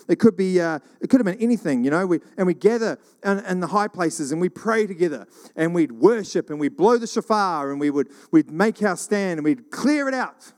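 A middle-aged man from New Zealand telling rambling church stories in a casual, animated monologue. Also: sits high, fairly quick, hardly any pauses. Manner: rambling, animated, acts out quoted voices.

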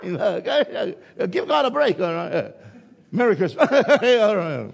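A man preaching a sermon, swinging between hushed, drawn-out lines and sudden loud shouts. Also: high voice, sing-song, vocal fry.

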